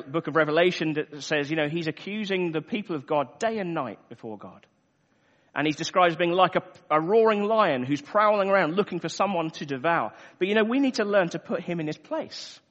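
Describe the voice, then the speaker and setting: A man preaching a sermon earnestly, repeating phrases for emphasis. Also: high-pitched. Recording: echoey hall, dull lo-fi sound.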